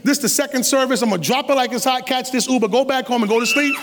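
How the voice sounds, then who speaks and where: A middle-aged man preaching a sermon as a guest preacher, animated and streetwise, acting out quotes with humor. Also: extremely high pitch, rapid-fire, in a large hall, background noise. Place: church sanctuary.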